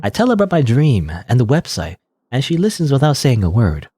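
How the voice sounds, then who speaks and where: A man's voice: mid-range voice, wildly swooping pitch, brisk, mellow, soft background music. A man reading a story game aloud dramatically, with joking asides and laughs at his own slips. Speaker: let's play host.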